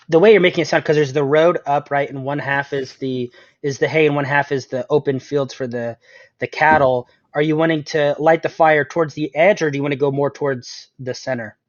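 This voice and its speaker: A male game master narrates a tabletop game in a slightly high voice, chatting away, laughing often and filling gaps with "um." The recording is dull and lo-fi, made in a dry room with no room sound.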